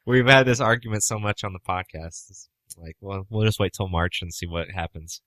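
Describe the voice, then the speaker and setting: A man's voice: deep voice, moderate pace, fairly bright tone, no echo. A man co-hosting a podcast, chatting casually and arguing his point with teasing and swearing. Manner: argumentative, teasing, swears freely. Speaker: podcast co-host. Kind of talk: casual chat.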